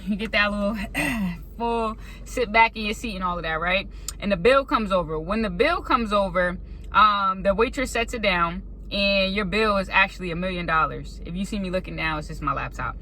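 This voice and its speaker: A woman telling a casual, animated faith story as a vlogger, sometimes acting out panicked voices. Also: mid-range voice, moderate pace, slight background noise. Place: indoors at a laptop.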